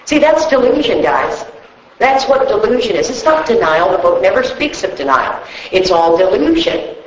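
A woman's voice: mid-range voice, very animated, moderate pace. Woman giving a recovery talk, swears a lot, rambles, roomy echoey sound. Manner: blunt, profane, rambling storyteller. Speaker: recovery meeting speaker. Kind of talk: personal testimony talk. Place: room full of people. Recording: echoey room with faint noise.

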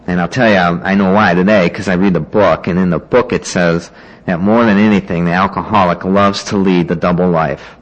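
A man's voice: sits low, steady tone, fairly quick, muffled recording. A man casually telling his own recovery story to a meeting, rambling with lots of "you know" and "like" and acting out what other people said.

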